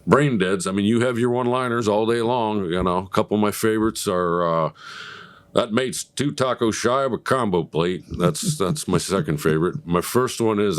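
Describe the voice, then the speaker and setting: A laid-back male host with a very deep, low voice. He keeps the chat easygoing, nods along with agreement and laughs freely. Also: clear, resonant tone. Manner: relaxed, agreeable, quick to laugh. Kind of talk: casual chat.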